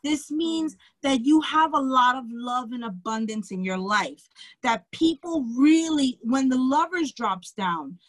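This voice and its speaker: A woman's voice: sits high, expressive, unhurried, dry recording. A woman from the Bronx with a New York accent, giving a casual tarot reading, blunt and checking in with "okay?" and "right?" as she goes. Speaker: tarot reader.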